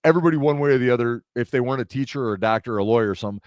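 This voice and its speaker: A middle-aged man hosting a podcast in casual chat, an animated storyteller who acts out the people he quotes. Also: medium pitch, very fast, no room sound, clean studio sound. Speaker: podcast host.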